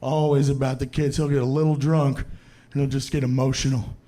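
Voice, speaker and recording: A man's voice: medium pitch, level tone, fairly quick, warm tone, echoey room. A man performing stand-up comedy, telling stories in a conversational style with punchy asides, on a handheld stage mic. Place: comedy venue with a live audience.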